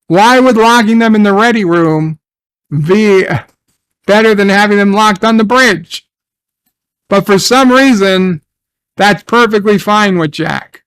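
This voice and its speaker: A man's voice: high-pitched, a little slow, a bit bright, clear, resonant tone, no echo. A man recapping and reviewing a TV episode in casual, sarcastic commentary, swearing and trailing off into restarts.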